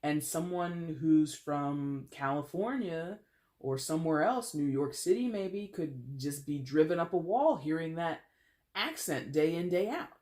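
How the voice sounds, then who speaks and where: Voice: mid-range voice, animated, unhurried, darkish tone. A tarot reader giving a casual reading to camera in a chatty, digressive way, full of playful asides.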